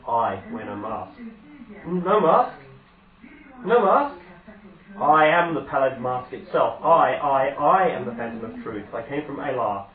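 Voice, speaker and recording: A man's voice: mid-range voice, moderate pace, few pauses, close to an everyday voice. A man voicing a menacing masked stranger who proclaims doom in a grand, declaiming way, heard distant and echoey over a phone-like line. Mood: grandiose.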